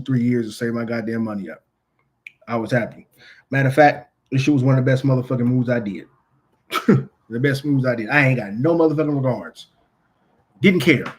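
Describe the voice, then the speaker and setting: A man speaking in a casual, heated monologue, blunt and full of swearing. He repeats phrases to hammer his points home, and his voice sits at an ordinary middle pitch. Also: poor audio. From California. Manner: profane, blunt, repetitive. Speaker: vlogger.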